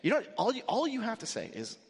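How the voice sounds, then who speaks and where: A man's voice: very high-pitched, wildly swooping pitch, quick pace, slightly rough. A man preaching a sermon in a conversational, emphatic way, acting out the quotes he gives. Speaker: pastor. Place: church sanctuary. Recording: echoey hall with long reverb.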